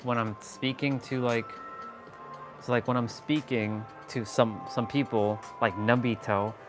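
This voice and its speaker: A man streaming himself at play, tossing out playful trash talk and curses at the game's enemies. His voice sits at an ordinary middle pitch, and music plays clearly behind him. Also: steady tone, a little slow, rough recording. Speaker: live streamer playing a video game. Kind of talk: casual live-stream gameplay chat.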